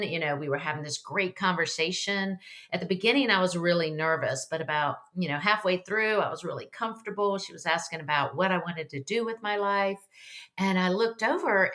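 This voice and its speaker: A woman's voice: on the low side, fairly bright tone. A woman in her fifties, an author being interviewed, who tells her story in an earnest, chatty way full of "um" and "you know". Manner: earnest, chatty, many fillers and hesitations. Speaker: author and guest.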